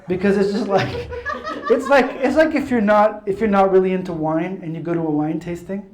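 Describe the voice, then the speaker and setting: A man's voice: high voice, brisk, darkish tone. Chatty man in a roomy space. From Italy. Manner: chatty, self-mocking, laughs at his own stories. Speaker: speaker. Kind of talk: casual testimony talk. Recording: roomy echo.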